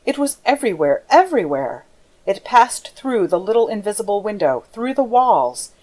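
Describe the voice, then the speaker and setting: A woman reads classic audiobook narration, her voice at an ordinary middle pitch. The delivery is measured and expressive. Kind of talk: scripted narration.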